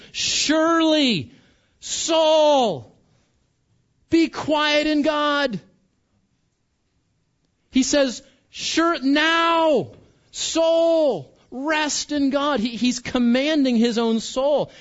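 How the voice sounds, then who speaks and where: A man's voice: high voice, highs cut off. A man preaching a conversational sermon as pastor, often restarting and repeating words.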